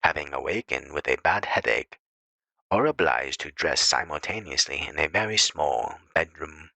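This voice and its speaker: Man, audiobook narrator, extremely low voice, bright tone, dry close sound, measured reading. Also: lively intonation, vocal fry, dry recording, poor audio. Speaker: audiobook reader.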